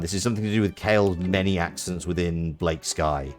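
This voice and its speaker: A man's voice: low-pitched, brisk, few pauses, faint music behind. A British man streaming a game, chatting casually and rambling with restarts. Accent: British English.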